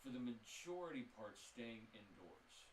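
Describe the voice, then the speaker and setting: A game master narrates a tabletop game, describing scenes in a mid-range, expressive voice at a measured pace. His delivery is full of fillers and restarts. The room is echoey, the mic sits at a distance, and there's faint noise.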